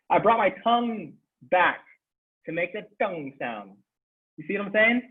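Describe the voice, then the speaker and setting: A man teaching a Sanskrit class online, animated, repeating phrases and laughing as he explains. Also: high voice, a little slow, breathy edge. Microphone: video call. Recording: tinny video-call audio.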